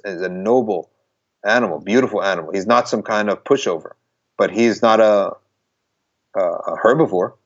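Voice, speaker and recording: A man's voice: lowish voice, muffled recording. A man talking in an earnest, emphatic way as a guest in a conversation, often circling back and restarting his phrases. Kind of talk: conversational talk.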